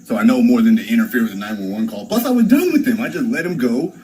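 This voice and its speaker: A man's voice: mid-range voice, very animated, quick pace, mellow, faint music behind, low-quality recording. A young man streaming, telling a story in a rambling, profane way, full of restarts and fillers. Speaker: live streamer.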